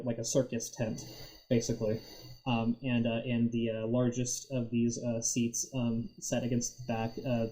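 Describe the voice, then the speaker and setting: A man's voice: mid-range voice, mellow, rough recording. A man narrating a tabletop game as game master, rambling with many fillers and frequent laughs.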